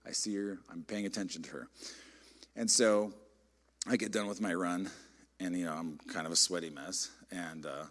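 A middle-aged man, a pastor, preaching a sermon in a conversational, animated storytelling way. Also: low-pitched, normal speed. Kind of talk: sermon with personal stories.

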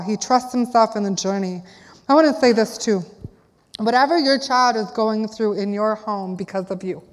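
A middle-aged woman preaching a sermon, telling a family story animatedly and acting out the voices of her children. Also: normal speed. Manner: animated, acts out quotes in a high child voice. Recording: long reverb of a large hall.

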